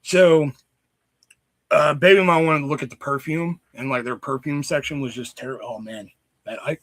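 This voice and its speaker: A man with a fever chatting casually on a livestream, telling a rambling story full of swearing and loudly acted quotes. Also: a little high, steady tone, moderate pace. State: sick with a fever. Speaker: streamer.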